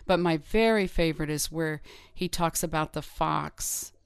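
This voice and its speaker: Low, smooth-voiced woman sharing reflections. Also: a little slow, no echo. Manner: earnest, reflective storyteller. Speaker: participant in a group call. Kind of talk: casual group chat about books.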